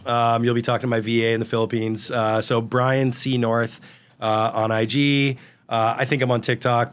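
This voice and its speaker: Animated storytelling man. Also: mid-range voice, smooth. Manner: animated, tells anecdotes with quoted dialogue. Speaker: guest, real estate brokerage founder. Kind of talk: storytelling in a casual interview.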